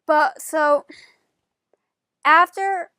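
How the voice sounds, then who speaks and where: A woman vlogging to camera in casual storytelling, animated and chatty with lots of filler words. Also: sits high, extremely slow, no echo, clean studio sound.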